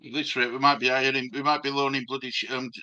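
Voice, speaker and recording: A man's voice: medium pitch, level tone, fast, sharp tone, muffled recording. A man on a football fan livestream, making rambling jokes and asides in casual chat. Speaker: fan panelist.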